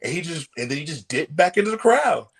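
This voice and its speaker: A man's voice: a little high, quick pace, gravelly. A male pro wrestler as a podcast guest, telling casual stories and acting out the voices in them. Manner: animated, acts out the voices in his stories.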